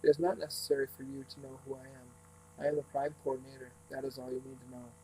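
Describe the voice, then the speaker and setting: A man reading as a quiet, cold red-eyed ruler. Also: mid-range voice, little pitch movement, fast, a little hiss or hum, close to an everyday voice, poor audio. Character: cold calm male alien ruler with red eyes.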